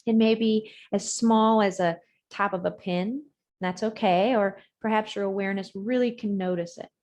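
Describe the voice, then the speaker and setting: A woman teaching an online yoga class, giving gentle, measured breathing cues whose words trail off softly, over a video call. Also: mid-range voice, fairly even intonation. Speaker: yoga instructor. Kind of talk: guided breathing and yoga instruction.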